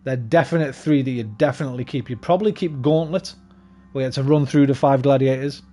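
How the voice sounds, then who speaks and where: A man's voice: medium pitch, fast, dark tone. A young man rambling casually and swearing freely while streaming a game. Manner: rambling, sweary, laid-back. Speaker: gaming streamer. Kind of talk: casual chat while gaming.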